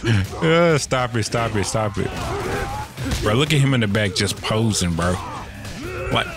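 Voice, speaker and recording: A man's voice: lowish voice, animated, a little slow, music in the background. Man trash-talking through his gameplay. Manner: loose, profane, slang-heavy banter with playful trash talk at the screen. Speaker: let's play gamer. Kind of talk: casual gameplay commentary.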